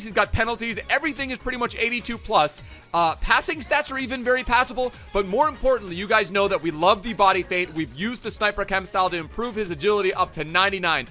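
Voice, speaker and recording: Bright-voiced energetic male gaming host. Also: high-pitched. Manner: energetic, rapid stat rundown with fillers. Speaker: gaming YouTuber. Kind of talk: video game player review.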